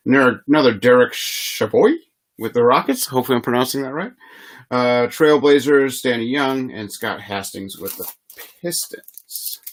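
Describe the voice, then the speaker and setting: A man's voice: medium pitch, fairly bright tone. A man hosting a live trading card box break, reading player names in a chatty, easygoing way and laughing often.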